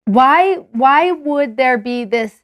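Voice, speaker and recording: A woman's voice: high-pitched, animated, slow, no echo. A woman co-hosting a casual scripture discussion, eager and explaining things for teachers. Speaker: co-host of a scripture study show.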